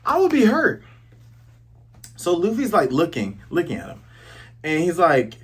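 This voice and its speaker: A man hosts a casual comic review and recaps the chapter with excited, jokey asides. His voice swings widely in pitch and is a bit higher than most men's. It has a husky, slightly rough texture. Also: unhurried, pauses often. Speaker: host.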